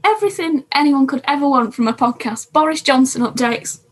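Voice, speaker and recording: A woman's voice: sits high, expressive, a little fast. A woman co-hosting a casual podcast, chatting about TV shows from her notes. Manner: chatty, reads from notes, self-interrupting. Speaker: podcast co-host.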